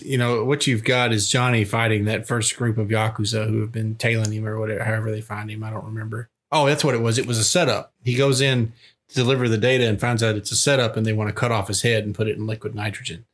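A man's voice: lowish voice, fairly even intonation, fast talker. Man chatting about a movie, laughing. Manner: laughs often, quotes scenes animatedly. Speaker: podcast co-host. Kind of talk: casual movie review chat.

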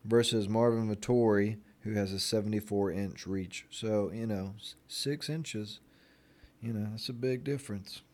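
A young vlogger from Florida in the United States chats casually to camera in a lowish, steady, slightly mellow voice, rambling at an unhurried pace with plenty of fillers. When something bugs him he turns sarcastic and cutting, then slides back into relaxed small talk.

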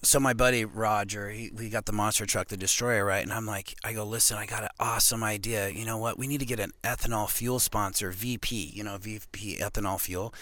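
A man from Montana, a professional arm wrestler, telling a long casual story as a podcast guest, rambling and animated with lots of "you know what I mean". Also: lowish voice, brisk, few pauses, no echo. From Montana, USA.

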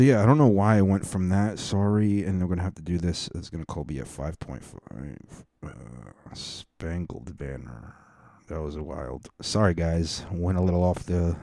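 A man's voice: deep voice, vocal fry, mellow, no room sound, clean studio sound. A man hosting a casual monologue, rambling and swearing through mock rants. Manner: rambling, profane, mock-ranting.

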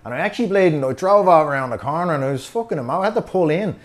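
A man hosting a podcast, telling a story in a casual, animated way with plenty of swearing. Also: on the high side, rapid-fire. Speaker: podcast host.

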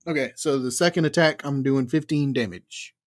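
A man's voice: mid-range voice, moderate pace, no echo, studio quality. A man playing a tabletop game, chatting casually and joking about his character. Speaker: player.

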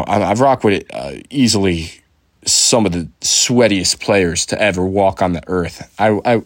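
Young male podcast host, lowish voice, dry close sound, swears a lot, rambles with constant fillers. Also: no echo. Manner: loose and swearing, full of fillers and restarts. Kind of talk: casual rambling chat.

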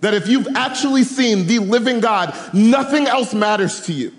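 High-voiced preacher in a reverberant hall. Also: male voice, normal speed. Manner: animated, humorous, slangy storytelling. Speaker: camp speaker. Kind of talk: youth sermon. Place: large room with live audience.

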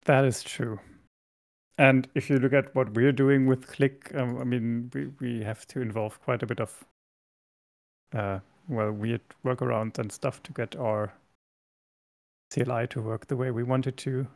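A man's voice: medium pitch, flat delivery, a little slow, darkish tone, no echo. A man in a casual online tech call, agreeable and reflective about his project.

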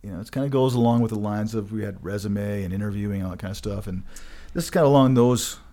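A man's voice: fairly low pitch, quick pace, mellow. A man co-hosting a podcast in casual chat, dry and teasing, with rambling sentences. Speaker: podcast co-host.

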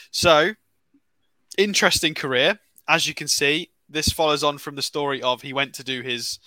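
A man's voice: medium pitch, bright, forceful tone, dry recording. A man co-hosting a casual football podcast, talking through player stats with lots of fillers and restarts, with an English accent. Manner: rambling stats talk with fillers. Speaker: podcast co-host.

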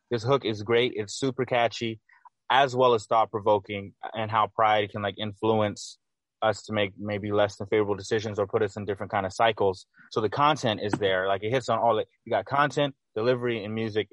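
A man co-hosting a podcast, giving enthusiastic, animated opinions in a casual music review chat. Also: on the low side, normal speed, no echo, rough recording. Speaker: podcast co-host.

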